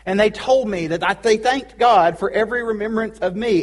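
A male pastor delivering a sermon in a casual, joking way. His voice sits high and has a husky edge. He keeps the teaching light with playful asides. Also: normal speed, few pauses. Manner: casual, joking preacher with pop-culture asides.

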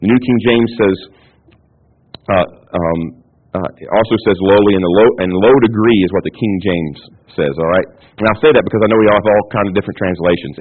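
A man's voice: on the low side, slightly rough. A male pastor preaching an expository sermon. He teaches step by step, checks in with his listeners often, and repeats words when he restarts a sentence. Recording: tinny phone-band radio broadcast.

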